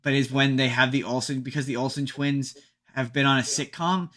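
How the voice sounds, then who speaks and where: A man's voice: mid-range voice, steady tone, fairly quick, a bit bright. A man co-hosting a podcast, retelling a movie in casual chat, rambling and restarting often. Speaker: podcast co-host.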